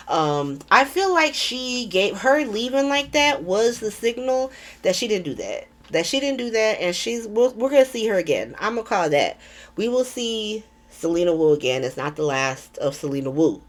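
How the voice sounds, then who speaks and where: A woman's voice: medium pitch, big pitch swings, moderate pace. A woman hosting a casual recap vlog, talking in a chatty, irreverent way with frequent swearing and ums. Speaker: soap opera recap vlogger.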